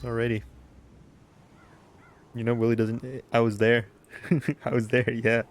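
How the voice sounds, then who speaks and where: A man's voice: medium pitch, level tone, unhurried. A man streaming a video game, joking and rambling in casual commentary and laughing often.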